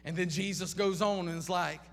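A man's voice: sits high, steady tone, a little fast. A man preaching a sermon, impassioned, piling up repeated questions and restarting phrases. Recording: long reverb of a large hall.

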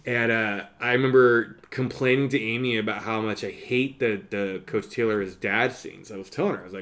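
A man's voice: fairly low pitch, steady tone, fairly quick, hardly any pauses, a bit bright. A man co-hosting a podcast, chatting casually and telling rambling stories with frequent laughter. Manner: rambling storyteller, laughs often, breaks into impressions. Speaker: podcast co-host. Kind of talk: casual chat.

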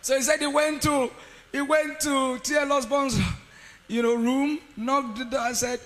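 A man preaching a sermon, telling a story with sudden shouts and quiet asides. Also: very high voice, fairly even intonation, unhurried, big-room sound, low-quality recording. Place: conference hall.

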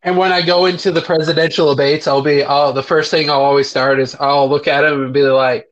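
A man's voice: a little high, little pitch movement, a little fast, few pauses. Young male co-host, crude joker, dull lo-fi recording. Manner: crude, swears freely, laughs at own jokes. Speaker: podcast co-host. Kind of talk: casual joking chat. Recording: dull lo-fi sound.

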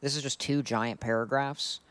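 A man's voice: mid-range voice, steady tone, normal speed, fairly bright tone, clean tone, no echo. A man co-hosting a podcast, chatting casually and reading fan fiction aloud while often laughing. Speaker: podcast co-host.

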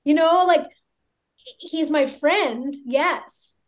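High-voiced excitable woman telling a story. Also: drawn-out words. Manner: excitable, chatty, lots of filler words. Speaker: podcast guest. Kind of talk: casual storytelling.

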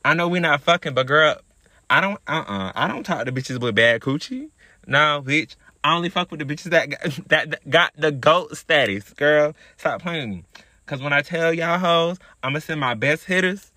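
A man's voice: on the high side, moderate pace, sharp tone, dry recording, clean studio sound. A man hosting a podcast, telling a story in a sassy, profane, chatty monologue. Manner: sassy, profane, chatty, calls listeners girl. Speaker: podcast host.

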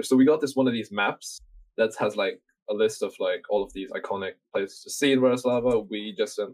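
Speaking quickly in a fairly low, darkish voice, this young man from Norway chats on a podcast as a guest. He wanders through his story with plenty of filler words and curses, and the recording sounds rough.

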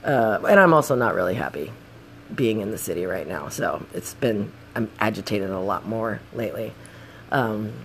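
A young woman telling a casual story full of swearing, acting out the shouting. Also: extremely low pitch, slight background noise. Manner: profane, animated, acts out the shouting.

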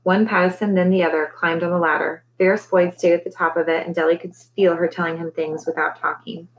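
A woman teacher reading a novel aloud to her class, relaxed, with conversational asides between chapters. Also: on the low side, a little fast, rough recording.

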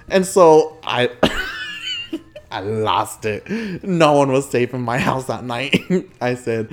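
A young adult man hosting a podcast, telling a childhood story casually, laughing often and acting out quotes. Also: medium pitch. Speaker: podcast host.

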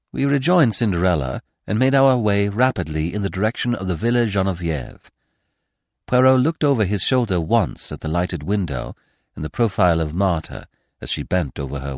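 A man narrating a classic story in measured, scripted audiobook style. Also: on the low side, dry recording, studio quality. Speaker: podcast narrator.

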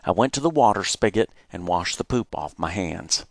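A man reading his childhood memoir aloud, animated and acting out the moments he retells. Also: low voice, normal speed, gravelly, no echo. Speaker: storyteller.

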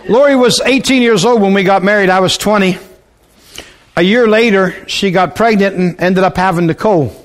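Animated high-voiced preacher telling a funny story. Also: male voice, normal speed. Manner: animated, folksy, jokey storyteller. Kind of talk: humorous sermon storytelling.

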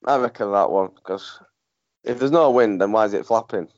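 A man's voice: on the low side, normal speed, dry recording, lo-fi sound. A man, a guest on a podcast, chatting casually and playfully over a phone connection. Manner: playful, jokey, asks naive questions.

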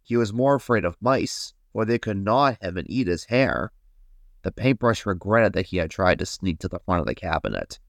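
A man hosting a podcast, reading a children's story aloud in a gentle, guiding way. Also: deep voice, expressive, creaky, no room sound, clean studio sound. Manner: gentle, slow, guiding listeners. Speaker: host and storyteller.

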